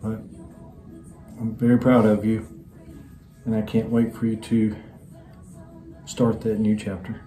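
A middle-aged stepfather giving a heartfelt, halting video message. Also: fairly low pitch, monotone, dark tone, reverberant, soft background music, low-quality recording. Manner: halting and emotional.

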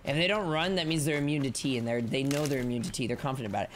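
A man streaming a video game live, playful and goofy, chanting silly lines and shouting at the game. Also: on the high side, sing-song, very fast, few pauses, noisy background. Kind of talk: live-stream gameplay commentary. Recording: game music playing behind.

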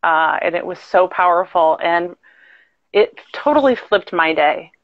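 A woman tells a heartfelt personal story over a video call, her words tumbling out earnestly. Her voice sits a little low for a woman. The sound is dry and close, with a dull, muffled edge. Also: lively intonation, unhurried, dry recording. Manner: earnest, heartfelt, tumbling phrases with soft laughs. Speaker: guest caller. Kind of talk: emotional personal testimony.

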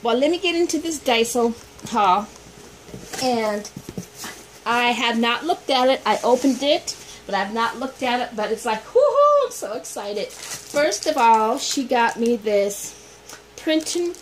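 A woman vlogger chatting casually through a haul video, gushing with excitement and repeating her thanks. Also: fairly high pitch, unhurried, a little hiss or hum, poor audio.

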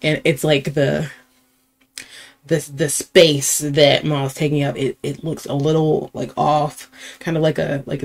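A woman's voice: low-pitched, vocal fry. A woman hosting a casual game commentary from home, jittery and dropping to nervous whispers as she plays. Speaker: gaming channel host.

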